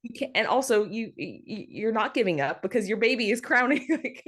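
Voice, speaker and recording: A young woman telling her home birth story in a casual interview, animated, laughing often, with plenty of fillers and restarts. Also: fairly high pitch, brisk, slightly rough. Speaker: podcast guest.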